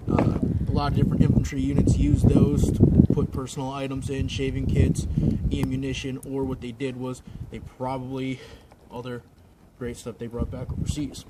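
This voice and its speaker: A man's voice: mid-range voice, heavy background noise. A man filming a casual show-and-tell vlog outdoors in the snow, feeling cold and talking in a rambling, informal way. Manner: rambling, informal, restarts often. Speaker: WWII reenactor vlogger. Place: outdoors in snowy weather.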